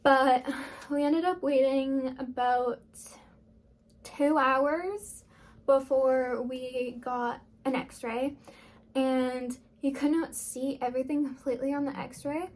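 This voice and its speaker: A woman's voice: high-pitched, fairly even intonation, slow. A young woman vlogger telling a personal story in a casual, rambling way, full of fillers.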